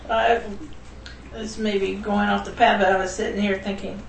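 A woman's voice: mid-range voice, level tone, normal speed, vocal fry. A woman in a Bible study group, sharing a thoughtful, reflective comment. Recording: distant voice in an echoey room with faint noise.

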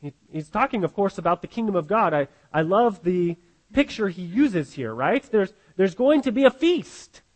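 Guy pastor giving a sermon, pretty high voice, earnest, repeats himself a lot. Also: very animated, normal speed, rough recording. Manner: earnest, repeats words as he restarts.

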